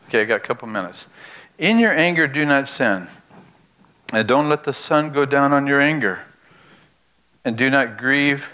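Preacher with sweeping dramatic delivery. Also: male voice. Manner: dramatic storytelling, swings between hushed low lines and raised outbursts; asks the audience direct questions. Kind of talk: sermon.

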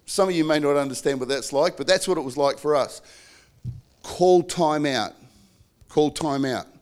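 A middle-aged man preaching an earnest sermon on marriage, acting out quarrels between spouses in sudden shouted bursts. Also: on the high side, normal speed. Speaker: pastor.

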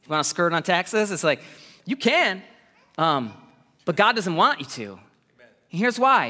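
A man with a high, bright voice preaching a sermon, leaping up in pitch and acting out little asides as he goes. His words carry a long reverb from a big church hall. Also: measured pace, pauses often. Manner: animated preaching with sudden pitch jumps and acted asides. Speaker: pastor.

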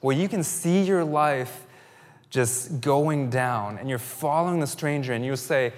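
A male pastor delivering a sermon in a large reverberant hall, his medium-pitched voice moving from quiet, halting storytelling to loud, fervent preaching. Long echo trails behind each phrase.

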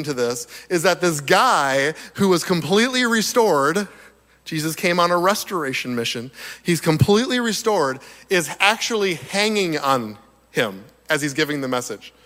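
A man preaching a sermon in an animated way, chuckling between points, his voice slightly hoarse as he loses it. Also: high-pitched, moderate pace. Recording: long reverb of a large hall.

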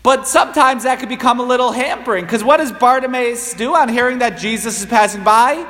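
Preacher with a high voice in a reverberant church. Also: male voice, fairly quick, bright, forceful tone. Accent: New England. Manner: conversational, rising into impassioned cries. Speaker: priest. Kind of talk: homily.

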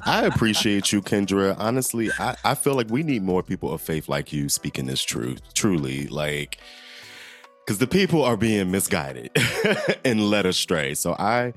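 Man, podcast host, very deep voice, lively pitch, faint music underneath. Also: normal speed. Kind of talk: casual podcast chat.

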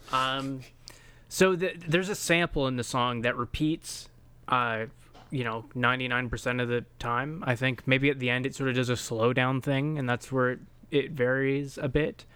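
A man's voice: medium pitch, fairly bright tone, clear, resonant tone, no room sound. A man co-hosting a podcast in casual chat, joking and chuckling at his own bits. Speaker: podcast co-host.

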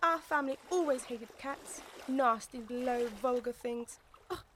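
A high, trembling little mouse, easily offended and indignant. The voice sounds a little distant, with faint trickling water behind it. It suits a storybook reading. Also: female voice, unhurried, fairly bright tone, a little hiss or hum. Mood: disgusted.

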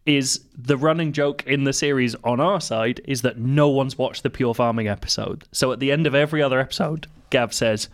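A man's voice: mid-range voice, a little fast, hardly any pauses. A man co-hosting a podcast, telling stories with frequent laughter in casual chat. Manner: laughing, animated storytelling. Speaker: podcast co-host.

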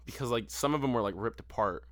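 A man co-hosting a podcast in casual chat, animated and swearing a lot. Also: mid-range voice, fast, dry recording, clean studio sound. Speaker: podcast co-host.

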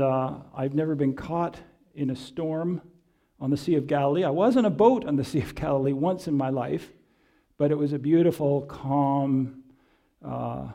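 A man preaching a conversational sermon, reading scripture and explaining it with frequent pauses and fillers. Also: a little high, gravelly, warm tone. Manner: reads and re-reads scripture quotations.

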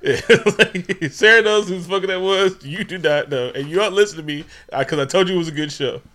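A man's voice: high voice, a little fast, sharp tone. Man, podcast co-host, casual movie recap, swears a lot, laughs often. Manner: loose, profane, laughing storyteller.

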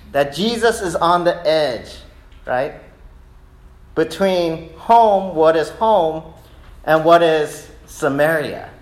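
Male preacher, a bit high-pitched, conversational sermon delivery, reverberant room sound. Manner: conversational, keeps asking "right?"; rises loud and high acting out cries of prayer. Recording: echoey room.

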